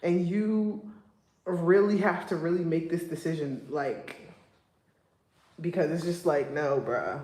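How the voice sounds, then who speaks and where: Lively young woman venting, echoey room. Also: fairly low pitch, slow pace, pauses often. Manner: emphatic, rising to loud exasperation when venting. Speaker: vlogger, single mom. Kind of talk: casual livestream chat.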